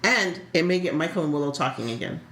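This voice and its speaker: A woman co-hosting a casual podcast chat, animated, often repeating words as she starts a thought. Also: low voice, quick pace, echoey room. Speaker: podcast co-host. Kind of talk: casual chat about a soap opera.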